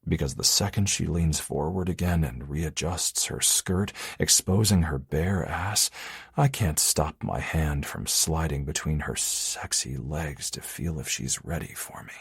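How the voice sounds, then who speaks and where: Deep, husky male audiobook narrator. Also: unhurried, no room sound, studio quality. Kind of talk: first-person romance audiobook narration.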